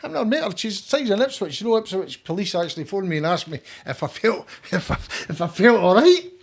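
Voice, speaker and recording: Older scottish guy, kinda high voice, rambly and blunt, swears a lot. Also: expressive, brisk, vocal fry. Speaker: podcast guest, campaigner. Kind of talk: casual conversation.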